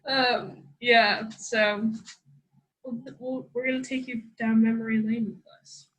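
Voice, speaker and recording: A young woman co-hosting a podcast, rambling excitably in casual chat and swearing freely. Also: on the high side, takes it slowly, low-quality recording. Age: young adult. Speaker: podcast co-host.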